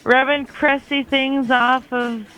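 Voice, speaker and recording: A man's voice: very high voice, little pitch movement, slow, bright, forceful tone, poor audio. A man calling in to a comedy show, teasing the host with giggly innuendo. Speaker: caller.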